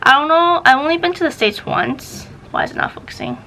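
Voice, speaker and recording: Bright, gravelly-voiced young woman vlogging. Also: high-pitched, wildly swooping pitch, fairly quick, a little hiss or hum, rough recording. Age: young adult. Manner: chatty, rambling, easily sidetracked. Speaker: book vlogger. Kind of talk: casual vlog chat. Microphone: camera facing her, self-filmed.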